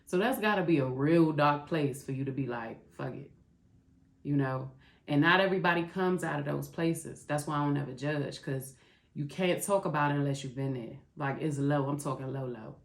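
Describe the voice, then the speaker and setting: This middle-aged woman speaks at normal speed in a deep voice, hosting a podcast that is a candid, confessional monologue. Raw and heartfelt, she talks straight to her audience as "y'all," with roomy echo.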